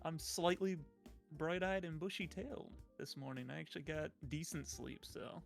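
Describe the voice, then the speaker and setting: A man's voice: on the high side, normal speed, gravelly, faint music behind. A man joining a live stream as co-host, chatting playfully and laughing as he quotes cartoon lines. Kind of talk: casual live-stream chat.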